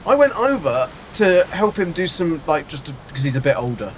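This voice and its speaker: A man's voice: a little high, very animated, normal speed, background noise. A man chatting casually while livestreaming a game, rambling and answering his chat as he plays. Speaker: game streamer. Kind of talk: casual live gameplay chat.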